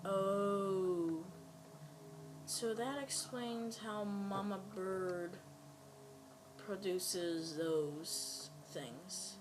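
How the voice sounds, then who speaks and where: A woman's voice: medium pitch, very slow, music in the background. A woman giving casual let's-play commentary, rambling playfully and talking at other players. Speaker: gameplay commentator.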